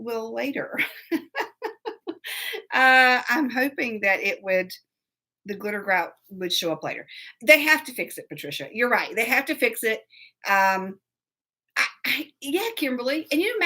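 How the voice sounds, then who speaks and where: A woman hosts a live stream in a relaxed, rambling way. She laughs easily and breaks off to greet viewers by name. Her voice is bright and crisp, with a fairly high pitch that swings widely. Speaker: live show host. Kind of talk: casual live-stream chat.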